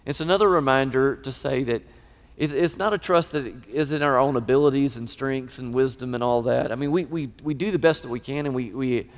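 A middle-aged man preaching a sermon, emphatic and animated, his voice swelling in pitch and volume. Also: fairly quick. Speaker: pastor. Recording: long reverb of a large hall.

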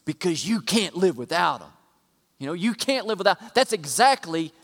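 Guy preaching a sermon, kinda high voice, goes quiet then loud and repeats stuff, big hall echo. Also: very animated, moderate pace. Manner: builds from quiet asides to loud emphatic repetition. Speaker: pastor. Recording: long hall reverb.

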